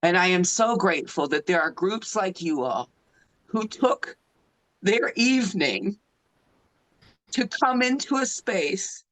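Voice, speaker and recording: A woman's voice: mid-range voice, animated, slow, pauses often, a bit bright, poor audio. A middle-aged woman giving an impassioned talk as an advocate, earnest and emotional, often checking in with her listeners, speaking into a phone. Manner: earnest, emotional, keeps asking the audience "right?".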